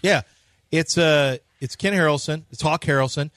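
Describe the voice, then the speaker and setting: A man hosting sports radio, making brash, boastful predictions in loud banter. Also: on the high side, moderate pace, no room sound.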